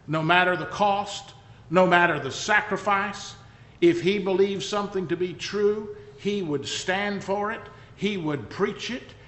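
A male preacher with a high, bright voice tells the story conversationally and drives his points home with emphatic asides. His voice carries through a long, echoey church hall. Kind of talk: sermon.

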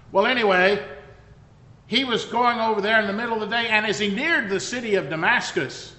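Bright-voiced male preacher in a hall. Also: sits high. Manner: conversational, emphatic storytelling with asides. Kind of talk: sermon. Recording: echoey hall reverb.

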